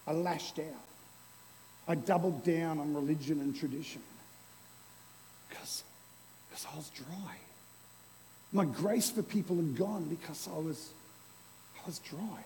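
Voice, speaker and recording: A man preaching a lively, playful sermon to a congregation, using an object lesson. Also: on the high side, measured pace, pauses often, long reverb tail, slight background noise, rough recording. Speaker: pastor. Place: church hall before a congregation.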